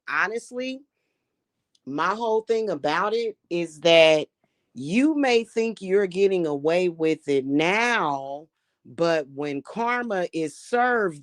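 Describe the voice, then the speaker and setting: A woman's voice: medium pitch, no echo. A woman hosting a casual livestream as a spiritual reader, telling stories in a blunt, profane and emphatic way.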